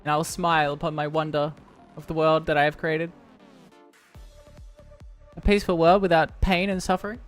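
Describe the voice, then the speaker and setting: A woman's voice: low voice, fairly even intonation, normal speed, pauses often. A young woman streaming live, chatting with her viewers in a playful, rambling way. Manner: playful, rambling, talks to chat. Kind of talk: casual live-stream chat. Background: faint music.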